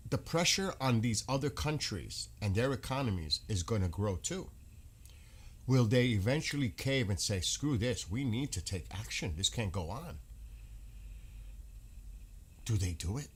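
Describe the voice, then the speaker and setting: A man's voice: mid-range voice, fairly bright tone. A man giving casual live commentary on news, indignant and firing off rhetorical questions.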